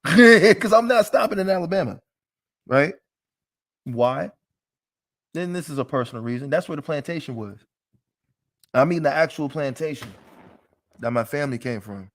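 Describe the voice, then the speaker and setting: A man's voice: fairly high pitch, expressive, normal speed, pauses often. A man teaching a live class in a casual, emphatic, joking way, with frequent restarts.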